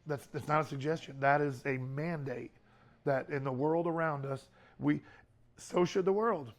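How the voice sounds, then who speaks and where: A man's voice: fairly high pitch, moderate pace. A middle-aged man speaking to a youth group in a casual, conversational way, often repeating words and using fillers.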